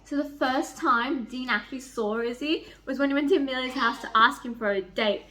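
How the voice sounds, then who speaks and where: A young woman chatting in a casual reading vlog, excitable, rambling and swearing freely as she rants about characters. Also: sits high, fairly quick. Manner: rambling, restarts often. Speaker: book vlogger.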